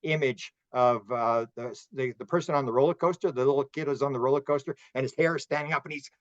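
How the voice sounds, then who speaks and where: A man's voice: medium pitch, fast talker, no room sound. A man hosting a casual podcast chat, talking in a rambling way with frequent restarts. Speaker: podcast host. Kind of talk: casual conversation. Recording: dull lo-fi dry sound.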